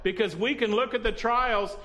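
Bright high-voiced male preacher. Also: normal speed. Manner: call-and-response with the congregation, humorous asides. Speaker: pastor. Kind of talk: sermon.

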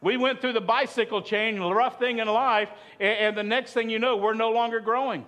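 Pastor guy, high voice, preaching casual, keeps asking the crowd stuff. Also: steady tone, brisk, fairly bright tone. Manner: conversational, asks the congregation questions. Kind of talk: sermon.

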